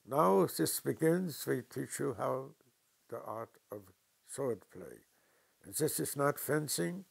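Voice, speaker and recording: A man's voice: medium pitch, lively intonation, slow, vocal fry, husky, voice pushed up, exaggerated voice. An older man voicing a strict old immigrant uncle who barks clipped commands in broken English. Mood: stern.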